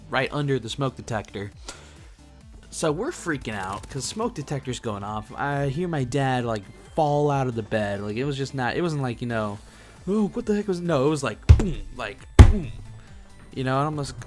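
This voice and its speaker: Rambling young man telling a story. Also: mid-range voice. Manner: rambling, self-mocking, with restarts. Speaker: gaming channel host. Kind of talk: casual storytelling over gameplay.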